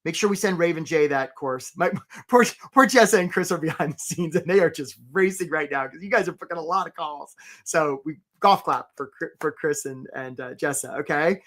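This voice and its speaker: A man hosting a live career webinar. He talks with energy, keeps asking "right?" and gives quick shout-outs to viewers. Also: a little high. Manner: acts out voices for stories, playful.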